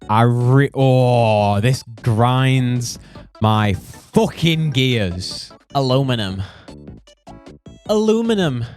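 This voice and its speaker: Animated, ranting young British man. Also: medium pitch. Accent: British English. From United Kingdom. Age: young adult. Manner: exaggerated, mock-outraged ranting with swearing. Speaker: streamer. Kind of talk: comedic ranting commentary.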